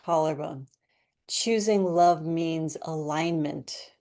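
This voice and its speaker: Woman, low mellow voice, calm tapping guide speaking affirmations slowly. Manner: slow, soothing, repeats affirmations for listeners to echo.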